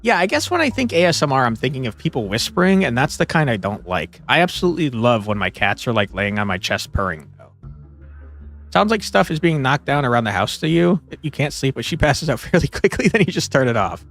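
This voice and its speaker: A man playing a detective puzzle game and talking through it, excitable, swinging between muttering and yelling. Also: medium pitch, a little fast, soft background music. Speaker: gaming streamer. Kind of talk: let's play commentary.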